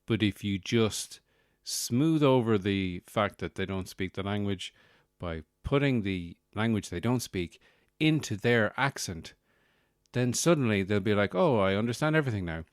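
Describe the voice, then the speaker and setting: A man's voice: on the low side, animated, measured pace, no room sound, studio quality. A man hosting a comedic solo podcast, rambling and sardonic with lots of fillers. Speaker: podcast host.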